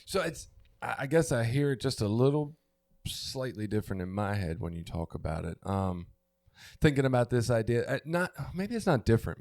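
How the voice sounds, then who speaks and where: A man's voice: mid-range voice, a little mellow, no echo. A middle-aged man on a recovery podcast, speaking openly and searching for words, restarting often and swearing now and then. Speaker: podcast co-host. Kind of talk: candid recovery podcast talk.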